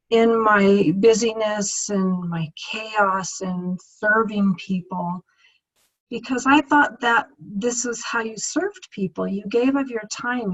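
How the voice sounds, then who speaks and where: A woman's voice: mid-range voice, lo-fi sound. A woman in her fifties giving a heartfelt coaching talk to her team, earnest and close to tears, repeating herself as she speaks. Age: 50s. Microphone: screen-share video recording.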